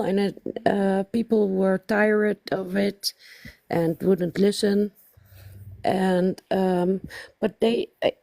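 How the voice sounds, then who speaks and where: Dutch woman calling in, slow and halting, lots of ums, mellow voice. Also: mid-range voice, no echo. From Netherlands. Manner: halting, many fillers. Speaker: caller. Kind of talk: telling her family story.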